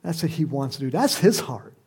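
A man's voice: fairly high pitch, sing-song, a little fast, darkish tone, slightly rough. A man preaching a sermon in a conversational way, often asking his listeners questions. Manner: conversational, asks the congregation questions, laughs.

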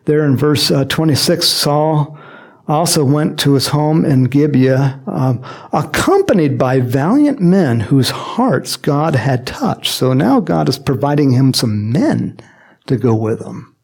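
A preacher teaching from the Bible with a playful, storytelling manner. His voice sits fairly high for a man and jumps all over as he acts things out, with a gravelly rasp at the bottom of his phrases. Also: slow pace. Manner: animated and jokey, acts out quotes, frequent chuckles and asides.

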